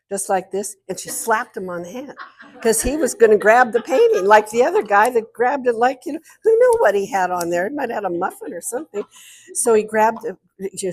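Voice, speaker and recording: A woman's voice: mid-range voice, a little mellow. A woman giving a talk as guest speaker at an art society, telling a chatty, meandering story and often interrupting herself.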